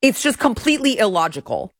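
A woman in her thirties hosts a commentary show, her voice pitched a little high and recorded dry and close. She rants with heated indignation, pressing each point hard. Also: huge pitch swings, fast, no room sound. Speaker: political commentary host. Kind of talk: opinion commentary monologue.

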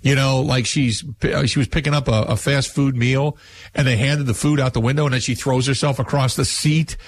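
A man's voice: medium pitch, fairly even intonation, brisk. A man hosting a call-in sports radio show, talking casually and rambling with fillers and restarts. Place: radio studio.

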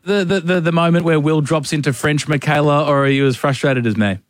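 A man's voice: on the high side, brisk, no room sound. A man hosting breakfast radio and running a quiz, ribbing his co-host in a dry, exasperated way. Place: radio studio.

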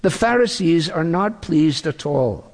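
A man's voice: on the high side, lively intonation, creaky. Male preacher in a reverberant hall. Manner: measured and deliberate, dramatizing quotes. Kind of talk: sermon. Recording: long reverb of a large hall.

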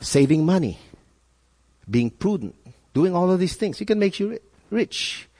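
A male pastor preaching a sermon, animated, with repeated phrases and rhetorical questions. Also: sits high, a little slow, in a large hall.

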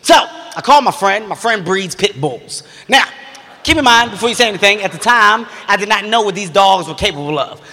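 A man's voice: high voice, expressive, fairly quick, sharp tone. A man telling a stand-up story with intense, profane energy. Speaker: stand-up comedian. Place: comedy stage before a live audience. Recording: long hall reverb.

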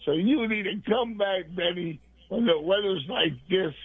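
A man's voice: high-pitched, normal speed, husky, no room sound. A man calling in to a radio show from Minnesota, talking in a goofy, rambling, jokey way. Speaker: caller. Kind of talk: rambling call-in chat. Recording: tinny phone line.

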